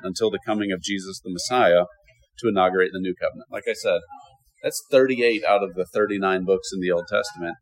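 A man's voice: on the low side, rough recording. A man teaching a Bible lesson to a class, asking questions and answering them himself. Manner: lively questioning, with self-answered rhetorical questions.

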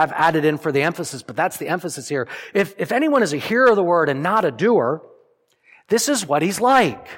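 A man preaching a sermon as pastor, emphatic and earnest, acting out imagined prayers and dropping to soft, solemn lines. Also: high-pitched. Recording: long hall reverb.

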